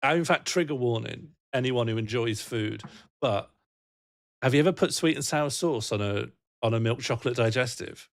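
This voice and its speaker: On a livestream, a young man with a mid-range voice chats at a moderate pace, reading out chat messages. He laughs often and rambles in a playful, casual way.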